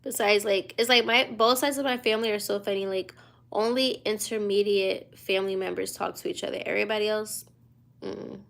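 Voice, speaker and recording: A woman's voice: mid-range voice, fairly even intonation, a little fast, creaky, a bit bright. A woman in her twenties from the United States, tired and yawning, chatting casually on a livestream from a hotel room at night. She reads viewer questions aloud and answers in a loose, slangy drawl. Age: 20s.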